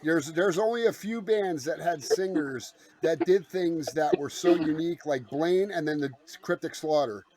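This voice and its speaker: A man's voice: fairly high pitch, moderate pace, few pauses, noisy background. A man co-hosting a casual podcast, talking in a laid-back, rambling way. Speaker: podcast co-host.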